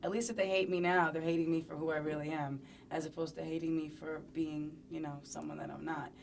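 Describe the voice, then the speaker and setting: A playful young woman talks through a sit-down interview in a lowish voice. She is chatty and pokes fun at herself as she goes. A faint noise sits behind her. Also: flat delivery, brisk, creaky, a little mellow. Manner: playful, chatty, self-mocking. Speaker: interviewee, singer.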